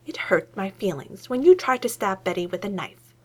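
Female reader voicing a hyper young male scientist, eager and loud, very lively pitch. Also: slightly rough. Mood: excitable. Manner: rapid, excitable, voice shooting up.

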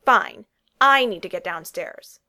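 A fiery young woman who talks in sharp, emphatic bursts, voiced by a woman reading a story aloud. Her delivery is forceful and pointed, like in a dramatic audiobook scene. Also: high voice, expressive, a little fast, pitched above the performer's own voice. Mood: angry, exasperated.

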